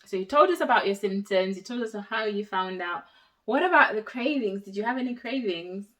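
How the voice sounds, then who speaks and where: A woman's voice: medium pitch, expressive, a little fast, fairly bright tone, far from the mic. A woman hosting a casual interview, asking short, encouraging questions. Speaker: host.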